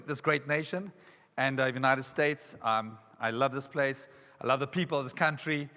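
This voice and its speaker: A man from South Africa with a South African accent, giving an energetic, jokey motivational talk at a conference. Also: a little high. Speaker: keynote speaker. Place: large resort conference hall. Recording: reverberant hall.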